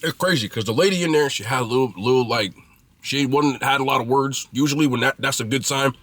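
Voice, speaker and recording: A man's voice: medium pitch, fast talker, fairly bright tone, no echo. A man casually reviewing food he is eating, chatty and blunt, with loose slangy talk.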